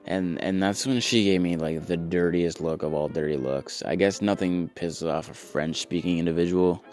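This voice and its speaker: A man telling a comedic story in a casual, rambling, self-mocking way, with profane sarcastic asides and frequent restarts. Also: deep voice.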